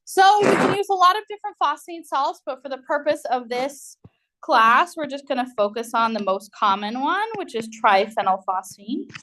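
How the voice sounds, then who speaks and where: A woman's voice: high voice, lively intonation, normal speed, fairly bright tone. Chatty woman lecturing on chemistry. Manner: conversational, explanatory, with frequent fillers and "right?" checks. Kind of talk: recorded university lecture.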